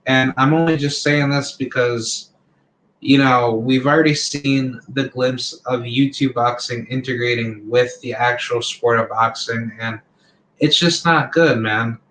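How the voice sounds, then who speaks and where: A man's voice: medium pitch, steady tone, a little slow, a bit bright, a little hiss or hum, low-quality recording. A man in his thirties hosting his own channel, giving a rambling, blunt opinion monologue packed with fillers. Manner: rambling, full of fillers like "you know" and "like". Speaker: channel host.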